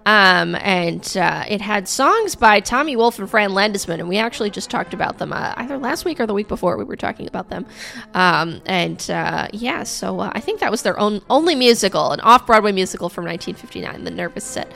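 A woman's voice: medium pitch, expressive, a little fast, creaky, a bit bright. A woman radio host with a scratchy, coughing voice, back-announcing songs in a rambling, chatty way full of fillers.

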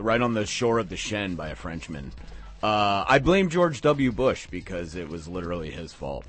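A man's voice: deep voice, sing-song, moderate pace, faint music behind. A man filling in as a late-night radio DJ, chatting casually about punk records with rambling, enthusiastic tangents. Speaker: guest radio DJ.

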